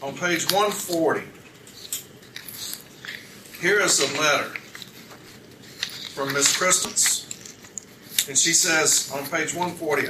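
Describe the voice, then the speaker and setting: A union advocate at an arbitration hearing, this man talks a little slowly with fairly even intonation at medium pitch, often pausing. Methodically questioning a witness, he reads documents aloud and corrects page numbers, with echo, a distant mic and background noise in the recording.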